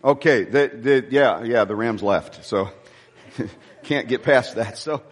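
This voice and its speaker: A pastor preaching a live sermon to his congregation, exuberant and prone to shouting, with joking asides between the preaching. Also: medium pitch, slow pace, slightly rough, in a large hall. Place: church sanctuary before a congregation. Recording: music audible under voice.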